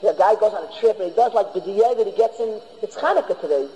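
High-voiced rabbi in an echoing hall. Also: male voice, expressive, quick pace, mellow. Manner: emphatic, repeats and restarts phrases. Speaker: rabbi teaching a class. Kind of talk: Torah lecture. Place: yeshiva hall. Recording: long reverb of a large hall.

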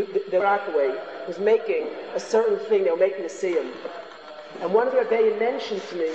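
A man's voice: sits high, a little mellow. A man giving an informal Torah lecture. He is earnest and often repeats his phrases for emphasis. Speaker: Torah class teacher. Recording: echoey hall, dull lo-fi sound.

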